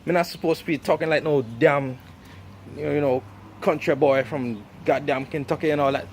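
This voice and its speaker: A man's voice: on the high side, steady tone, moderate pace, a little hiss or hum, lightly acted. A man putting on a Jamaican accent, voicing a proud island man in an emphatic, playful way.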